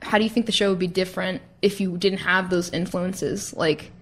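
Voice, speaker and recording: A woman's voice: fairly low pitch, steady tone, normal speed. Upbeat woman hosting an interview. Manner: upbeat, conversational questions. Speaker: interview host. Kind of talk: casual interview.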